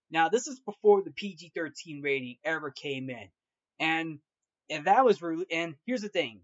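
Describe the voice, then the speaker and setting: A man's voice: fairly high pitch, dry recording. A man hosting a movie review show, recapping a film in a casual, rambling way with many restarts and fillers. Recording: dull lo-fi, dry sound.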